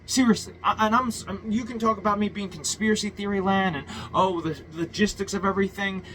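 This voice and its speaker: A man's voice: high voice, steady tone, fairly quick, fairly bright tone, slight background noise, rough recording. A man ranting a political monologue, profane and heated, full of stumbles and restarts. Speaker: political commentator.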